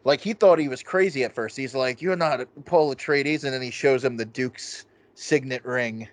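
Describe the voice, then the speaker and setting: A man in casual conversation as a podcast co-host, his talk loose and peppered with swearing. His voice sits at an ordinary pitch and is recorded close and dry, with no room sound. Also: normal speed, no echo. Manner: swears freely, loose rambling delivery. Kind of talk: casual film review chat.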